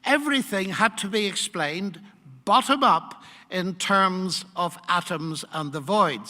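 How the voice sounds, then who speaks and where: A man's voice: high voice, bright, forceful tone. Older man lecturing in a reverberant hall. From United Kingdom. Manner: measured, emphatic, rhetorical questions. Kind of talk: public lecture.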